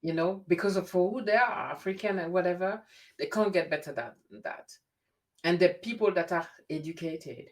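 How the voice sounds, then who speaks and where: Woman host, slightly low voice, animated storyteller who restarts often. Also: normal speed. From grew up in France. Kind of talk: casual conversation. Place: lives in the UK.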